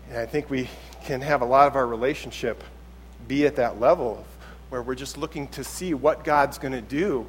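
A man's voice: mid-range voice, moderate pace, a little hiss or hum. A man preaching a sermon in church, talking conversationally and acting out little quotes as he goes. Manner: conversational and animated, acts out quotes. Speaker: pastor.

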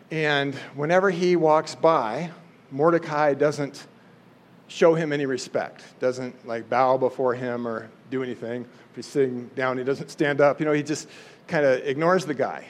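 A man casually and animatedly retelling a Bible story as a teacher. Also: medium pitch.

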